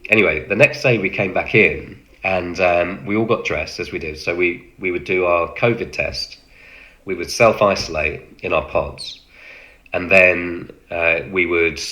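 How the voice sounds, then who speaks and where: Man, low bright voice, halting storyteller who mimics others. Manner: halting, full of fillers, acts out quoted lines. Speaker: film extra recounting set experience. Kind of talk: casual anecdote.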